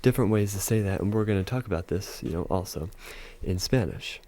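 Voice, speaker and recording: A man with a deep voice teaches a casual video lesson. His tone is warm and relaxed, and he works through each point step by step. He pads his talk with easy fillers and says example phrases slowly. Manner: explains step by step, repeats phrases slowly, fillers like "you know". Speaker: language teacher.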